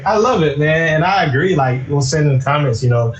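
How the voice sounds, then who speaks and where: A man hosting a casual live-stream interview, relaxed and chatty, often saying "you know" and "man". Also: a little high, a little fast, echoey room, dull audio. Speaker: host.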